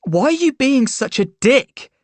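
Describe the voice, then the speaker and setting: A woman playing a hurt, quick-tempered teenage boy in a spoken storybook reading, loud and sharp. The recording is dry and close. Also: mid-range voice, sing-song, dry recording. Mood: angry. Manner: loud, sharp, swearing outbursts.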